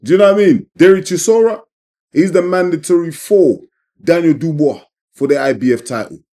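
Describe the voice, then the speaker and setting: A man's voice: on the high side, a little fast, mellow. A man giving emphatic, repetitive opinions in a casual commentary vlog. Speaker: boxing commentator.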